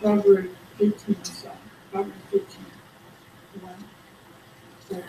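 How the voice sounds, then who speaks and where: A woman leading a Bible study, animated and calling for amens as she reads scripture. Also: medium pitch, takes it slowly, a little hiss or hum. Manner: animated, calls for amen, reads scripture aloud. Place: church room. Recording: roomy, distant mic, faint background.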